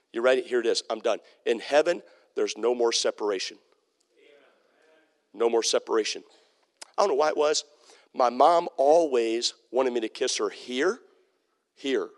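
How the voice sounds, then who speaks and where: A male pastor preaching a sermon in an emphatic, repetitive way, often checking in with the congregation. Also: mid-range voice. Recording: long hall reverb.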